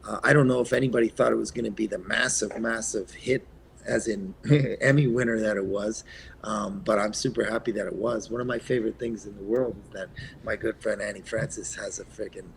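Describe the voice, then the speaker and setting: Quebec-raised man, 30s, low and gravelly, soft-spoken interview guest, trails off, faint noise behind. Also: steady tone, brisk. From Eastern Canada, Quebec. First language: French. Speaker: actor guest. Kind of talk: casual interview chat.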